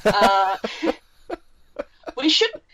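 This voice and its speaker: A woman's voice: mid-range voice, very animated, very slow, a bit bright, slight background noise. An Australian woman co-hosting a podcast in casual chat, blunt and wry, who swears casually. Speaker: podcast co-host. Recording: slightly dull, lo-fi sound.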